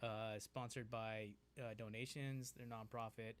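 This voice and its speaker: A man's voice: medium pitch, flat delivery, a little slow, smooth. A man co-hosting a podcast in casual chat, joking around and slipping into silly voices. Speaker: podcast co-host.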